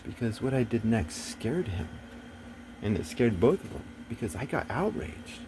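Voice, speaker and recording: A man's voice: fairly low pitch, lively intonation, normal speed, noisy background. A man talking in a rambling casual monologue, swearing often and turning agitated and preachy.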